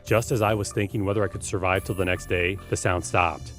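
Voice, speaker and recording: A man reading scripted horror stories in a steady, measured narration. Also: low voice, soft background music.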